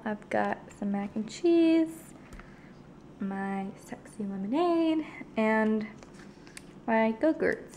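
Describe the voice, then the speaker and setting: A teenage girl with a fairly high voice talks slowly and casually as she vlogs from her kitchen. She narrates each thing she does into a handheld camera. A faint room hum sits behind her. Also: warm tone. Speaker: vlogger. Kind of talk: casual home vlog. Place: home kitchen, indoors.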